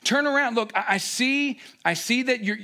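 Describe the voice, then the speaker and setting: A man's voice: very high-pitched, moderate pace, bright, forceful tone, voice pushed up. A man preaching who voices an old male prophet pleading with God in prayer, earnest and imploring.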